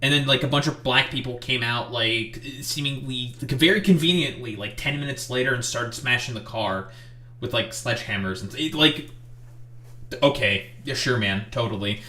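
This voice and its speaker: A man's voice: medium pitch, moderate pace, pushed and bright, reverberant. A man streaming commentary, talking in a rambling, sarcastic way with lots of fillers. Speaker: streamer reacting to clips. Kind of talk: casual commentary.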